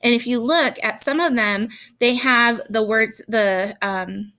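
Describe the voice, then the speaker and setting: A woman teacher walks children through sentences and spelling in a relaxed, chatty way, with plenty of ums and homemade examples. Her voice sits a little high. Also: takes it slowly. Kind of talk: recorded grammar and spelling lesson for children.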